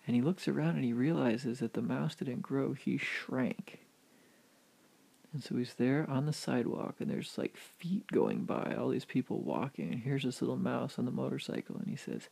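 A man telling a fanciful story aloud with animated, vivid narration. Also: mid-range voice, normal speed, vocal fry, husky. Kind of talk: oral storytelling.

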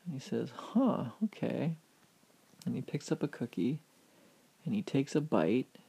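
A man telling a fanciful story aloud with animated, vivid narration. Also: medium pitch, moderate pace, creaky, breathy edge. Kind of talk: oral storytelling.

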